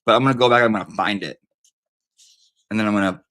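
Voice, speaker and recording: A man's voice: fairly low pitch, fast talker, fairly bright tone. A man hosting a live stream in casual chat, campy, profane and rambling.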